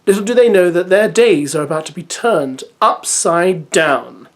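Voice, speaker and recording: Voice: medium pitch, animated, a little slow. A reality TV recap host reading a press release aloud and giving casual, opinionated commentary.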